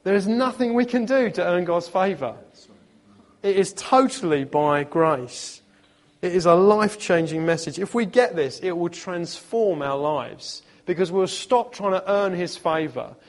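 Male preacher, slightly higher voice, animated storyteller with emphatic repeats. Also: a little slow. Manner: lively storytelling with emphatic repetition and humor. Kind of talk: sermon.

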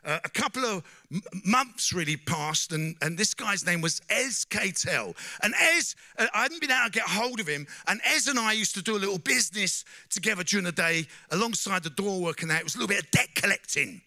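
A middle-aged man tells his story to a church audience, his high voice sharp and forceful. He keeps turning to the listeners with questions and a steady "you know?". The sound is close and dry. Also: brisk, dry recording. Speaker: speaker giving a testimony. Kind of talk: personal testimony to a church audience.

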